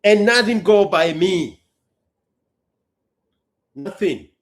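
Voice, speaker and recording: A man's voice: high voice, expressive, drawn-out words, soft background music. A man, a business owner hosting a casual chat, telling a story emphatically and bluntly. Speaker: business owner and show host.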